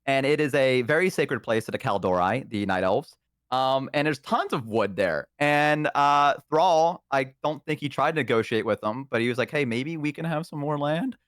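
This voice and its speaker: A man's voice: mid-range voice, lively intonation, normal speed, fairly bright tone, smooth, no room sound. A man chatting casually on a live stream, rambling with many ums and uhs into a close microphone. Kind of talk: casual chat.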